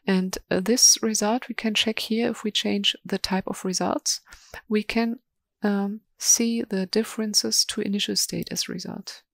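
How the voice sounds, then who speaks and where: Female webinar presenter, halting and monotone, dry sound with mouse clicks. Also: mid-range voice, gravelly, no echo. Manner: slow, hesitant, many ums and restarts. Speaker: software presenter. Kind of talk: live software demo webinar.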